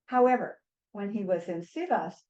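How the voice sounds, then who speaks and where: A woman author giving an academic book talk in a measured, earnest way, with small restarts now and then. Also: mid-range voice, a little mellow, highs cut off. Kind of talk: academic lecture.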